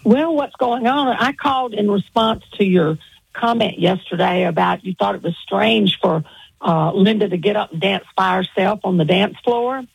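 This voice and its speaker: A woman's voice: medium pitch, normal speed, vocal fry, slightly rough, no room sound, rough recording. A woman from Texas with a Southern accent, calling in to a radio show and speaking cheerfully and emphatically. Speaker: caller. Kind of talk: phone call-in. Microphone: phone.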